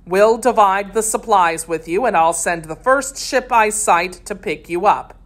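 A woman's voice: mid-range voice, a little slow, lightly acted. A woman reading aloud voices a scheming, blustering one-legged pirate captain who coaxes and threatens. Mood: bargaining.

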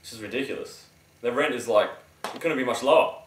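A man telling his story haltingly and with self-importance in a mockumentary interview. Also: medium pitch, slight background noise. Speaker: housemate. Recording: roomy, distant mic.

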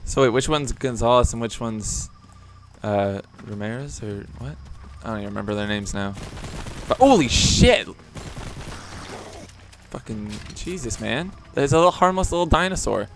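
A young man giving excitable, profane commentary as he plays a video game, often laughing. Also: medium pitch, a little fast, a little hiss or hum. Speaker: let's play gamer. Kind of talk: casual gameplay commentary.

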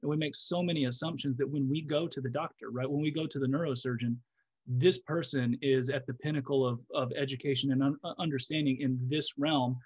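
A man at an ordinary middle pitch, talking as a guest physiotherapist in a relaxed podcast chat. He reasons aloud, restarting phrases as he builds each point. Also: brisk, husky, no room sound. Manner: thoughtful, explanatory, with frequent restarts. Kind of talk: casual podcast conversation.

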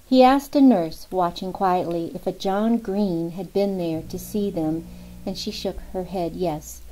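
A woman narrating a novel in a steady, even storytelling manner. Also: fairly low pitch, measured pace, a little hiss or hum, poor audio. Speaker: audiobook narrator. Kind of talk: scripted narration.

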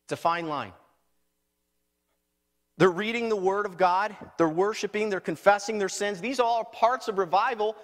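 A man's voice: high-pitched, brisk, hardly any pauses. A man preaching a live sermon as pastor, emphatic and repeating key lines. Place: church sanctuary. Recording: live church recording with long reverb.

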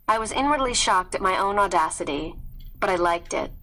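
A woman reading a story aloud in a clear, steady storytelling manner. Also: medium pitch, a little fast, low-quality recording. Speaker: read-aloud narrator.

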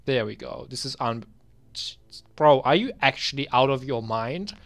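A young man talking casually while reviewing his old game bans. He mutters asides to himself and then bursts into loud, exasperated ranting. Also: mid-range voice, expressive, moderate pace, vocal fry. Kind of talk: casual screen-recorded commentary.

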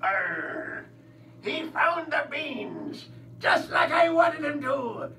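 The children's show host voicing a greedy villain who growls "arr" and shouts as he gloats over chasing gold. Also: high-pitched, sing-song, very slow, heavily acted. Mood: gloating. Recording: distant mic with clear music.

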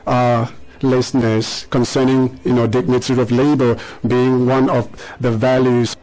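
A middle-aged man hosting a radio show, quick to praise his young guests and ask them to repeat things. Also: mid-range voice, level tone, darkish tone, poor audio. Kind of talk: radio interview with schoolchildren.

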